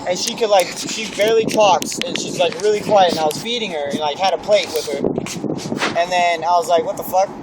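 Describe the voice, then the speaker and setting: A man's voice: high voice, brisk, very noisy. A young man rambling through a spooky story in casual chat, swearing a lot, recorded outdoors.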